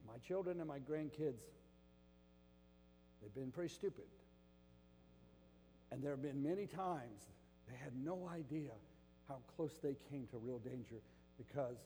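An older man preaching a sermon, moving between loud emphatic bursts and quiet, hushed stretches. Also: mid-range voice, in a large hall. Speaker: pastor.

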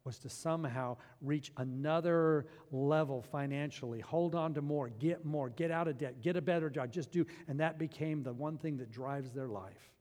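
Man pastor, sermon, high voice, rises loud then drops hushed, long church hall reverb. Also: normal speed, few pauses. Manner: animated preaching, swinging from loud to hushed.

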